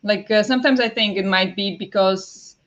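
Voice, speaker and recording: A woman's voice: mid-range voice, steady tone, normal speed, fairly bright tone. Woman, casual chatty streamer, filler-heavy rambling, muffled lo-fi audio. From Slovakia. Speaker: streamer hosting reading sprints. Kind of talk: casual chat to live viewers. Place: home. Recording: dull lo-fi sound.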